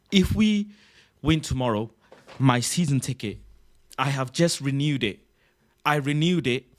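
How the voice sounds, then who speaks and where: Excitable young man, lively voice. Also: medium pitch. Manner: excitable, repeats himself, ends phrases with "bro". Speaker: livestream host. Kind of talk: casual livestream chat.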